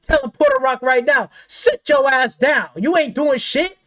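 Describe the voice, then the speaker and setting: A woman's voice: high-pitched, lively intonation, normal speed, fairly bright tone. A woman gaming commentator delivering an angry, profane, confrontational rant.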